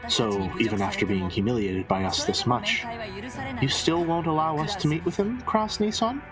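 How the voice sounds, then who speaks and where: A man voicing a sharp-tongued scheming middle-aged woman in a visual novel read-through, needling and mocking, his voice leaping up high. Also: moderate pace, natural voice. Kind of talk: dramatic reading of a visual novel. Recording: music playing behind.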